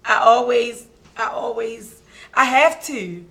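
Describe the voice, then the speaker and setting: A woman's voice: fairly high pitch, takes it slowly. A woman with a Baltimore accent, co-hosting a casual radio talk show, slangy and talking straight to listeners. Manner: lively, slangy, speaks straight to listeners as "y'all".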